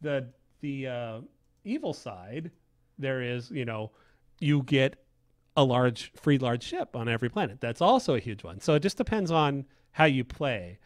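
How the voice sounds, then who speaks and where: A man's voice: mid-range voice, lively intonation, unhurried, no echo, studio quality. A man, a lead game designer, chatting enthusiastically on a livestream, often restarting his sentences. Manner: rambling, enthusiastic, many restarts and fillers. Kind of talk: casual livestream chat.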